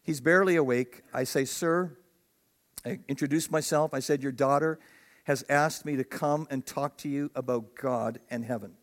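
A man's voice: mid-range voice, moderate pace. A man, a pastor, preaching a conversational sermon that builds to emphatic, raised peaks.

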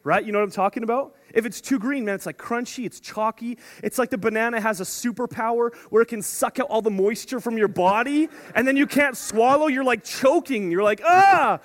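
A man preaching a sermon, animated and playful, swinging from hushed asides to excited shouts. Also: very high voice, brisk, hardly any pauses.

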